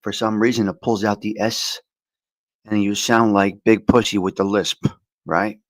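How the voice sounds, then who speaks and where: A man's voice: lowish voice, little pitch movement, unhurried, poor audio. A man hosts a loose morning livestream, greeting viewers by name and cracking jokes as he goes. His voice sounds a little worn after a long night. He talks into a cheap handheld mic that he shifts closer to and farther from his mouth. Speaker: livestream host. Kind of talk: casual live chat reading viewer comments. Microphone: cheap handheld mic moved near and far.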